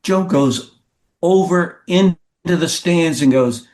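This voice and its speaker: An older man, a guest sportswriter, telling anecdotes in a lively conversational way and acting out what others said. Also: measured pace. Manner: lively storyteller who acts out quotes with pitch jumps. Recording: roomy echoey sound.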